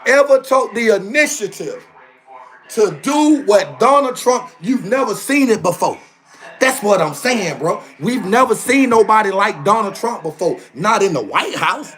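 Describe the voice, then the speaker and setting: A man holding forth on a livestream, his voice pitched high and swinging all over. He talks in a heated, emphatic way and drives each point home by repeating it. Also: a bit bright. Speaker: live streamer. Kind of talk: casual livestream rant.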